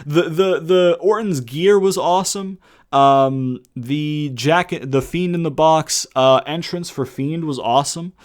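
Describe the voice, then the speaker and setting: A man's voice: on the high side, unhurried. A young man ranting about a show in a casual, heated review, swearing often and throwing in rhetorical questions. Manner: profane, heated ranting with frequent "brother" and "right?". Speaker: wrestling reviewer.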